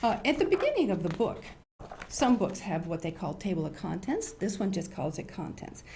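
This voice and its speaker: An older woman hosting a children's show, reading stories in an animated, sing-song way. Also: mid-range voice, normal speed, slight background noise. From United States. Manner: animated, sing-song storyteller, acts out loud and whispered voices. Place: studio.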